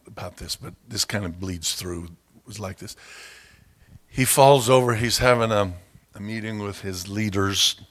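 A man preaching a sermon, telling stories and acting out quoted voices with loud, high outbursts. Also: slightly rough. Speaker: pastor.

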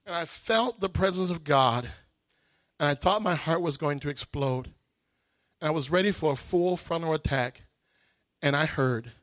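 A male preacher giving an emotional, animated sermon testimony that rises to shouts. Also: fairly high pitch, normal speed, pauses often, no room sound, studio quality.

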